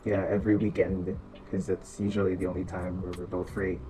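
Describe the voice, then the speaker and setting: A man's voice: deep voice, level tone, a little fast, background noise. A man hosting a casual podcast chat, loose and laughing, swearing freely. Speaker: podcast host. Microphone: online voice chat.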